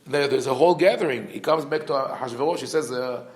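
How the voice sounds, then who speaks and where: A man, a rabbi, teaching a scripture class. He explains with dry humor and many fillers, and reads verses quickly in a chant. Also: medium pitch. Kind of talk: Torah class lecture.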